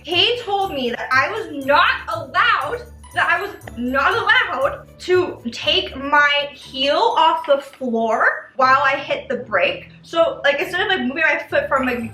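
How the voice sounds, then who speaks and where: A young woman vlogger telling a personal story in a casual, animated way, swearing freely. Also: high voice. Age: young adult. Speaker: vlogger host. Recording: roomy, slightly distant mic, faint music.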